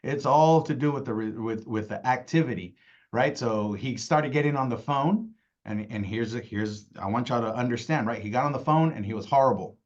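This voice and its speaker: A man coaching a sales team in a pushy, emphatic way, voice at a middling pitch. The audio sounds dull and lo-fi. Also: normal speed. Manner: emphatic, repeats "right?" and "y'all". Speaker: sales trainer. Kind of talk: insurance sales training talk.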